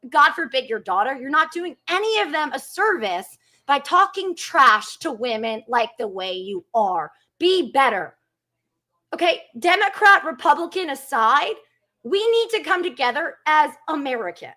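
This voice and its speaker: A woman's voice: high-pitched, very animated, normal speed, sharp tone. Fired-up woman in her thirties ranting. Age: 30s. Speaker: guest. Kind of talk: heated live-stream chat.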